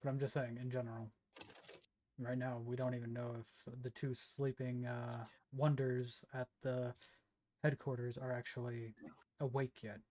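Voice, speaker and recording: Male tabletop player, first-person action narration, mid pitch. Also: little pitch movement, unhurried, a little mellow. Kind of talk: in-character tabletop role-play narration.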